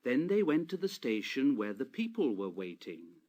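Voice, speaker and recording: A man reading a children's railway story aloud as narrator, expressive and gentle. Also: medium pitch. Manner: expressive, slow read-aloud.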